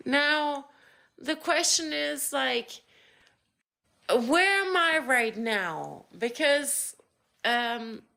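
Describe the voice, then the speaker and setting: A woman from France chatting as a guest on a live stream, halting and apologetic, often repeating words. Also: high voice, lively intonation, gravelly, sharp tone. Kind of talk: casual live-stream chat.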